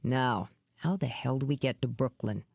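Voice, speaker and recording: A woman reading an audiobook, voicing a gruff, wary man who talks in curt, dry lines. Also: medium pitch, moderate pace, dry recording.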